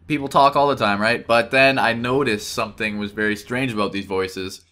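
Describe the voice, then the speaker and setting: Young male commentator, lowish pitch with a bright edge, rambling and self-correcting as he tells a story. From Canada. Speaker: gameplay commentator. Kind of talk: casual storytelling over gameplay.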